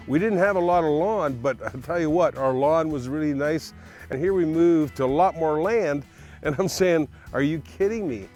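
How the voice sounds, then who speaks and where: A middle-aged man giving a chatty, enthusiastic homeowner testimonial outdoors in his yard. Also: fairly high pitch. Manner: chatty and enthusiastic, repeats "I tell you what". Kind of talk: casual promotional testimonial.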